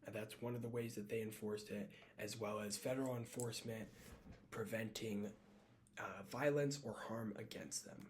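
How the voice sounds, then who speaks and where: A man's voice: on the low side, steady tone, moderate pace. Man reading a class presentation. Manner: reads from a script with small slips and self-corrections. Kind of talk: read-aloud class presentation.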